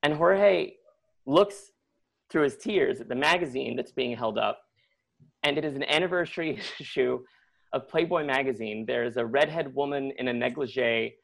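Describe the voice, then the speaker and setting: A middle-aged man telling a personal story on live radio, conversational and animated, with many likes and acted-out quotes. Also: medium pitch, normal speed, gravelly. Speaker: storyteller guest.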